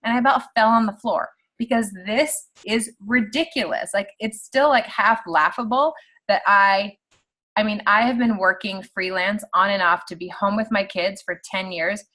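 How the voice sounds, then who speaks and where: A woman in her thirties giving a casual, animated pep talk to her team on a video call. She talks quickly and fills her speech with "like.". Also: medium pitch. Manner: chatty and animated, heavy use of "like". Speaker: team leader on a sales call.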